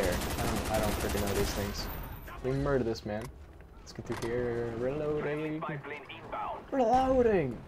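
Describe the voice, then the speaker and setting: A man's voice: medium pitch, noisy background. Young man, live gameplay commentary, desk mic, muttered self-mocking asides, gunfire underneath. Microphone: desk microphone. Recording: gunfire from the game audible. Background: game gunfire.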